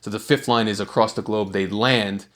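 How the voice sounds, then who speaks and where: Low-voiced man teaching songwriting. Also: normal speed. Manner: relaxed explaining with frequent fillers and restarts. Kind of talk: casual video tutorial.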